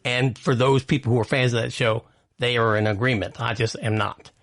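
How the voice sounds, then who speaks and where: A medium-pitched man with a steady, fairly bright tone and brisk delivery runs a casual entertainment news podcast. He reads quotes aloud and adds opinionated, chatty remarks of his own.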